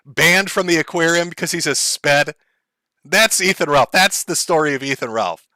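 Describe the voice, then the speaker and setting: Male streamer host, crude mocking commentary, bright tense tone, dry close sound. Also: fairly high pitch, moderate pace, dry recording. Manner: mocking, crude, laughs often. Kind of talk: profane comedic commentary.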